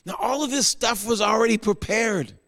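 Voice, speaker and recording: Man, preacher, fairly high voice, emotional sermon, long hall reverb. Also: moderate pace, gravelly. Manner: emotional, rising to exclamations then dropping soft into prayer. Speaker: guest pastor.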